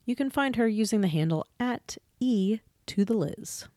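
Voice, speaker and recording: A woman's voice: a little high, expressive, moderate pace, dark tone, dry recording, clean studio sound. A woman co-hosting a podcast, rambling and laughing through casual chat and then reading the show's closing announcements. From Atlanta, US. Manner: giggly, rambling, self-deprecating. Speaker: podcast co-host.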